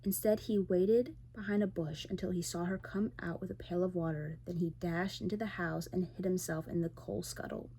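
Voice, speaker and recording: Close to the microphone, a woman reads a fairy tale aloud as a whispered role-play ASMR storyteller, soft and gentle like a bedtime story. Her voice is on the low side with fairly even intonation, a moderate pace, and few pauses, over slight background noise.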